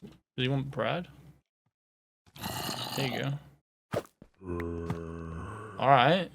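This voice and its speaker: A British gaming host rambles through casual gameplay commentary, joking and poking fun at himself, and his voice sometimes sinks to a whisper. He speaks at medium pitch, extremely slowly, with a creaky quality, and background noise is audible.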